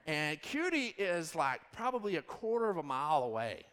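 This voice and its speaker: A man in his thirties, a pastor telling a rambling, animated story in a sermon. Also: a little high, normal speed, big-room sound. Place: church hall.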